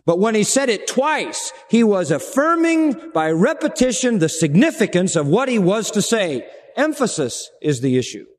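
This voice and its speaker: A man's voice: high-pitched, very animated, normal speed. Preacher man in an echoing hall. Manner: dramatic, sweeping from loud to hushed. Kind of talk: sermon. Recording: long reverb of a large hall.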